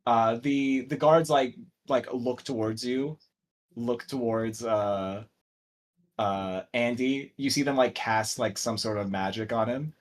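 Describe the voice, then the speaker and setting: A man's voice: mid-range voice, slow. A young man narrating a tabletop game as game master, rambling with fillers and restarts.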